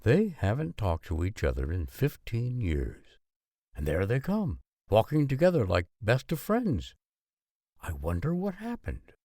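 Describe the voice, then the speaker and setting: A man's voice: lowish voice, wildly swooping pitch, a little slow, mellow, dry recording, clean studio sound, full character voice. A man voicing an earnest, emphatic father. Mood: amazed. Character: middle-aged Dutch father, a man, warm then alarmed.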